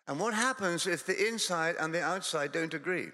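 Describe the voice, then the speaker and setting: A man's voice: fairly high pitch, lively intonation, moderate pace, hardly any pauses, pushed and bright, big-room sound. A Scottish man preaching a sermon in a church, conversational and self-deprecating, with digressions and humorous storytelling. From Scotland.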